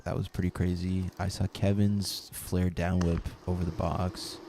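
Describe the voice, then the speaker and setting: A man's voice: low voice, flat delivery, unhurried, gravelly, warm tone, slight background noise. A man casually chatting with live viewers while playing a BMX video game, rambling and reading the chat aloud.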